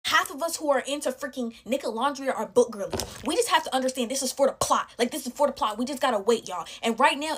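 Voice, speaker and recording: A young woman telling a casual storytime at home, chatty and animated, full of slang, talking straight to her viewers. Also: sits high, slight background noise. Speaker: storytime creator. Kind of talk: casual storytime chat while making slime.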